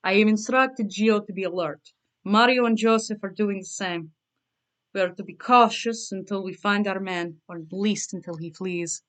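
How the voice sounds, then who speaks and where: A woman voicing a stern older male mob boss and father, with a put-on Italian accent that drifts toward Russian, speaking slowly and formally. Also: mid-range voice, a bit bright, lightly acted. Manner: slow, clipped, formal speech without contractions.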